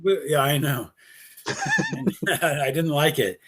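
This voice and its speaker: A man's voice: fairly high pitch, huge pitch swings, slow pace, fairly bright tone, slightly rough. A man co-hosting a casual chat show, joking and laughing easily. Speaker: co-host.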